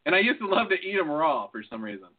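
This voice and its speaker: Talking fast in a sing-song, slightly high voice with a breathy edge, this man co-hosts a podcast. His chat is casual and profane, broken up by frequent laughter, and it sounds lo-fi, like a phone.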